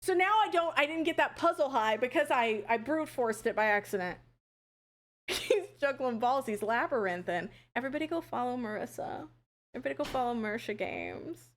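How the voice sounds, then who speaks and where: A woman's voice: fairly high pitch, animated, normal speed. A young woman streamer chatting casually with viewers while playing a puzzle game, swearing and laughing often. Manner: chatty, swears, laughs a lot, shrieks when panicking. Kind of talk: casual live-stream commentary.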